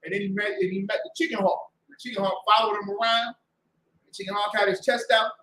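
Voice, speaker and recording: A fiery male preacher with a high, bright, cutting voice that jumps into sudden shouts. He mocks and repeats his points over and over. The sound bounces around a reverberant room with a faint hum behind it. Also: steady tone, fast talker. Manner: loud, mocking, repetitive, with shouted bursts. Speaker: street preacher and show host. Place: indoor room with a door to the street.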